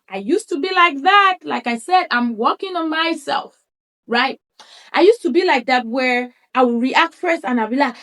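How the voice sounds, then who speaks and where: Woman coach w a high voice, talks straight to viewers, says things twice to drive them home. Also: expressive, measured pace, pushed and bright. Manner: emphatic, repeats points for stress; acts out others' words in quoted asides. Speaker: lifestyle coach. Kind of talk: motivational talk to viewers.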